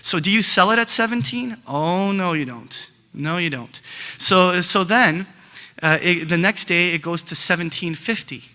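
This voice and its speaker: A middle-aged man teaching options trading, telling animated stories with many fillers and restarts. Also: sits high, unhurried. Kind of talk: lecture with acted examples.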